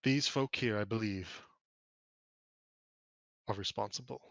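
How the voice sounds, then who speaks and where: A man voicing a stern male brass dragonborn paladin who speaks in a formal, accusing, measured way, in a dry, close recording. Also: lowish voice, creaky, fairly bright tone, dry recording, heavily acted.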